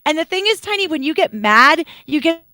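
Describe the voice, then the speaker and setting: A woman co-hosting a casual talk show in a high, bright voice. She talks expressively and teases her co-host in a playful way. The sound is dry, with no room echo. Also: lively intonation, brisk. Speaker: podcast co-host. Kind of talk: casual chat.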